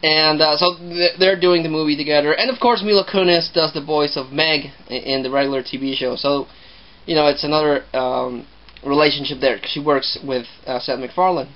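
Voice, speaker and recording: A man's voice: fairly high pitch, steady tone, brisk, muffled recording. A man talking through a movie review in a casual, rambling way, often repeating himself.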